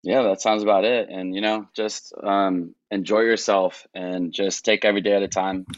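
A man telling a travel story in casual podcast chat, animated and laughing often. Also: lowish voice, normal speed, no echo. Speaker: guest. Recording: dull, dry lo-fi sound.

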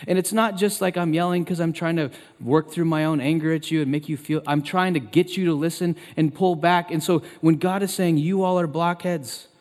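A man in his thirties preaching a sermon as pastor, turning loud and emphatic when he quotes scripture. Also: fairly even intonation, a little fast, hardly any pauses. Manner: emphatic, loud and high when quoting God. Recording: long reverb of a large hall.

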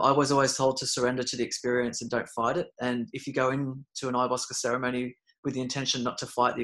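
Man, mid-pitched voice, rambling with ums and restarts, casual storytelling, louder in the dramatic parts. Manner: rambling, many fillers and restarts; gets loud and animated retelling scary moments. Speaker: podcast guest.

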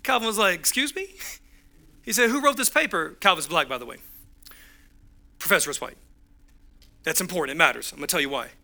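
A man's voice: a little high, animated, fairly quick, long pauses, sharp tone. A man preaching a sermon as pastor, driving home points with punchy repeated phrases and acting out the voices in his stories.

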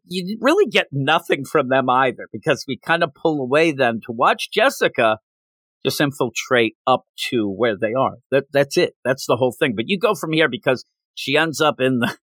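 A lively man co-hosting a comic book podcast, his pitch swinging widely as he acts out characters in snappy put-on voices. He talks in a relaxed, casual way. The sound is dry and close, with no room around it. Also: moderate pace, no echo. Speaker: podcast co-host.

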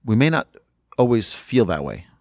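A man's voice: lowish voice, sing-song, moderate pace, a little mellow, no echo, studio quality. A man giving an urgent sermon as a religious teacher, emphatic and repeating his points.

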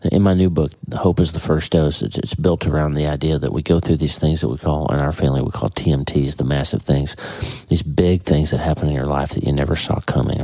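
Really deep dark voice, guy talking earnest and halting, voice cracking, dry close sound. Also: dry recording. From United States. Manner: earnest, halting, repeats words. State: voice cracking with emotion. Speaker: podcast host. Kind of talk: casual devotional talk.

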